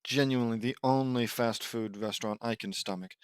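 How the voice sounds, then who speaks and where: A man with a sore throat reads fan fiction aloud, constantly breaking off into rambling, self-mocking chatter. His voice sits at an ordinary pitch. The home recording is dry and close. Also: fairly even intonation, a little fast, clear, resonant tone, dry recording. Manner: rambling, self-deprecating, easily sidetracked. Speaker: fan fiction audiobook reader.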